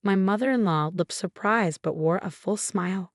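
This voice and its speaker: A woman narrating a dramatic family story in a scripted, measured reading voice. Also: medium pitch, a little mellow, no room sound, studio quality.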